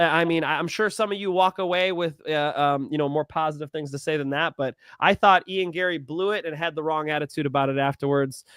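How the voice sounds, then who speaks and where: A young man with a high, bright-toned voice talks fights and bets in a blunt, animated way, swearing freely. The sound is dry and close, with no room around it. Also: dry recording. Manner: animated, blunt, swears often, gets loud when worked up. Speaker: MMA podcast co-host. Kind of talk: casual sports betting chat.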